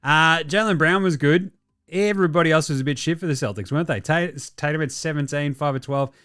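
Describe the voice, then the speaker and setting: A man with a high-leaning, clean-toned voice hosts a casual basketball show. He rants about games and trades fast and excitably, swearing plenty.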